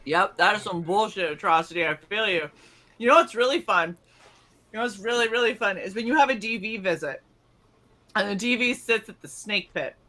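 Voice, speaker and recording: A woman's voice: mid-range voice, a little fast. A woman co-hosting a casual stream, swapping profane basic training stories and acting out the drill instructors. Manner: profane, animated, acts out drill instructors in a loud mock voice. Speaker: stream co-host.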